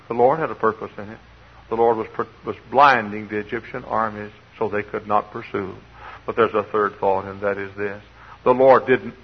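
An older man from Texas, preaching a folksy sermon with dramatic swings from hushed to shouting. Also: fairly low pitch, vocal fry, breathy edge. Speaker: pastor. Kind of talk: sermon with storytelling. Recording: dull lo-fi sound.

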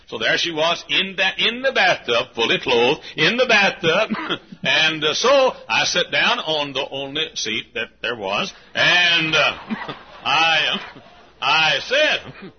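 An older man from Texas, a pastor, telling folksy sermon anecdotes with frequent chuckles and loud acted-out quotes. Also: a little high, big pitch swings, unhurried, breathy edge, muffled recording. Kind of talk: sermon storytelling.

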